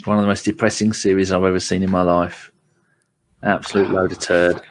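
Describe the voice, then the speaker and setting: Brief: easygoing English male host, lowish voice, faint background hiss, chuckles between points. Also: little pitch movement, fairly quick. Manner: laid-back, laughs often, steers topics. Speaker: podcast host. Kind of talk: casual football chat.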